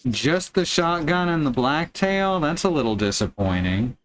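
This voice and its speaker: A man's voice: on the high side, animated, unhurried, slight background noise. A man streaming a video game, giving casual commentary with wry, joking asides.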